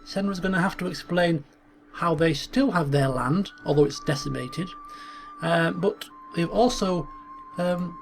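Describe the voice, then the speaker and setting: A man's voice: on the high side, unhurried, vocal fry, soft background music. A man hosting a strategy game video, thinking aloud in a chatty way with stumbles and small chuckles. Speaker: gaming channel host. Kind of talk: strategy game commentary with role-play asides.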